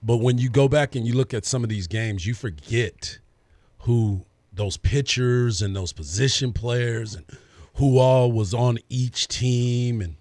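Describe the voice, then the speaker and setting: A man co-hosting a sports radio show in casual chat, laid-back and agreeable, often answering with a quick "right.". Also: mid-range voice, darkish tone, dry recording.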